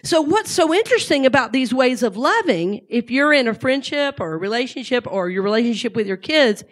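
A woman's voice: high-pitched, expressive, fairly quick. A middle-aged woman giving a conversational talk to a live audience, often asking them questions. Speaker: speaker.

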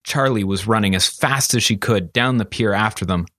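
A man narrating a fantasy story as an audiobook, steady and expressive. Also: lowish voice, moderate pace, dry recording, clean studio sound.

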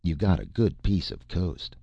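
A man's voice: low voice, animated, measured pace, gravelly, mellow, slightly rough, no room sound, dull audio, heavily acted. A man reading the lines of a brutal barbarian slave master, who speaks in clipped, broken phrases. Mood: gruff. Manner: clipped broken speech, threatening.

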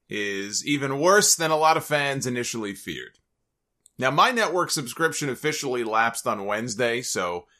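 A man hosting a podcast tells a story in casual commentary, wandering into joking asides and restarting his sentences. His pitch sits mid-range for a man. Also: bright, forceful tone. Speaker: podcast host.

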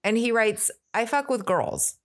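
A woman's voice: fairly high pitch, unhurried. A woman co-hosting a podcast, telling a gossip story in casual chat and voicing text messages as she reads them out. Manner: retells text messages in animated voices. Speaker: podcast co-host.

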